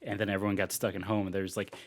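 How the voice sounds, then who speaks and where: A man in his twenties, co-hosting a podcast in a relaxed, chatty way full of fillers. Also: deep voice, rapid-fire. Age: 20s. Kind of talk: casual chat.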